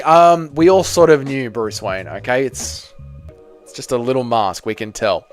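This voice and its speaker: A man's voice: mid-range voice, measured pace, soft background music. An Australian man hosting a livestream, casually reading out viewer comments and answering them with teasing banter. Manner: joking, bantering, teasing chatters. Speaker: livestream host.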